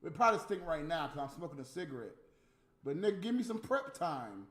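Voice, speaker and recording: A man's voice: fairly high pitch, very animated, normal speed, fairly bright tone. A man delivering a heated, profane, scolding rant as a stream host. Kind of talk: profane ranting monologue. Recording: roomy room with faint music.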